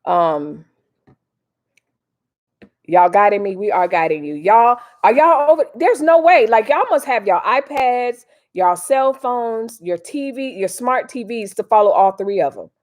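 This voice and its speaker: A woman's voice: medium pitch, lively intonation, unhurried, darkish tone. A woman hosting a casual live stream, chatting in a slangy, direct way to her viewers. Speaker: livestream host.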